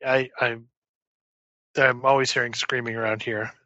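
A man with a bright, sharp voice plays a tabletop game, joking and drawing out his words. His voice comes over a dull, lo-fi voice chat line. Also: medium pitch, little pitch movement, normal speed. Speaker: player. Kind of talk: casual tabletop play.

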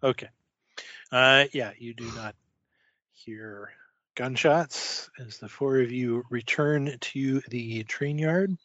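A man narrating a tabletop horror game as game master, halting with many fillers. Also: medium pitch, pushed and bright, no echo, lo-fi sound.

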